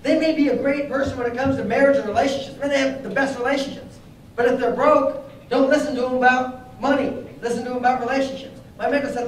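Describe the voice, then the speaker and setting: A young man with a strikingly high voice gives an energetic motivational training talk, quizzing his audience as he goes. The sound is heavily echoey, captured from some distance away in a room with a faint background hiss. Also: quick pace. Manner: energetic, storytelling, asks the audience questions. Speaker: network marketing trainer.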